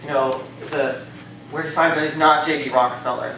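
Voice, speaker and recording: At a speaking club meeting, a male evaluator with a somewhat high voice talks through his assessment of a speech for the audience, hedging frequently with "you know" and "I think" in a chatty way. His tone is steady and sharp, his pace fairly quick. Picked up from a distance, the sound carries strong room echo plus slight hiss or hum.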